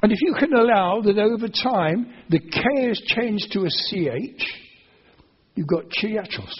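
A man with a high, husky voice preaches a sermon, explaining patiently and then pressing his point with repeated phrases. The recording sounds dull and lo-fi, as on an old sermon tape. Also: lively intonation, a little slow. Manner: earnest, explanatory, rising to emphatic repetition. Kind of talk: expository sermon.

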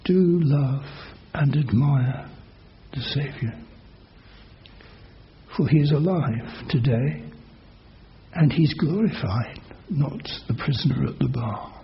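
A man's voice: mid-range voice, takes it slowly, long pauses. Dramatic preacher, man, muffled lo-fi sound. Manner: dramatic storytelling, rising loud for quoted oaths. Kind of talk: sermon. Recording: dull lo-fi recording.

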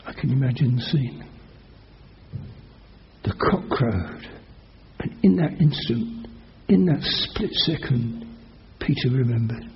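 A man preaching a sermon, retelling a scripture story with dramatic emphasis and loud quoted oaths. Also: medium pitch, expressive, slow pace, pauses often. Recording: dull lo-fi recording.

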